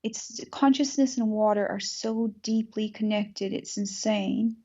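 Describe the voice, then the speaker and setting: Woman host, low-key gravelly voice, even delivery, earnest chat on dull lo-fi audio. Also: a little slow. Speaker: podcast host. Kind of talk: casual spiritual conversation.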